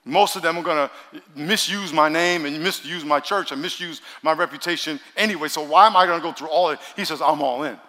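A man preaching a sermon as pastor, emphatic, repeating lines for stress and swinging between loud and quiet. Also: a little high, brisk. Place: large church. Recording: long hall reverb in a large church.

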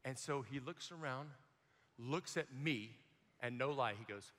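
At a measured pace, a young man in a large hall delivers a sermon recounting his personal testimony. He animates the story by performing different voices and shouting at its high points.

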